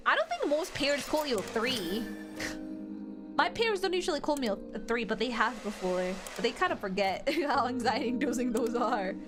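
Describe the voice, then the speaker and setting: A woman's voice: a little high, very animated, moderate pace, music in the background. A young adult woman streaming a game, chatting casually with her chat in a rambling, giggly way full of fillers.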